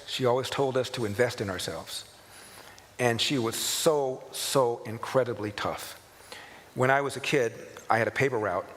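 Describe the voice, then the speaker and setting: A man in his sixties, a radio talk show host, telling personal stories with animated, chuckling delivery. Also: medium pitch. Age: 60s. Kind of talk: anecdotal storytelling to an audience. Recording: reverberant hall with clear background noise.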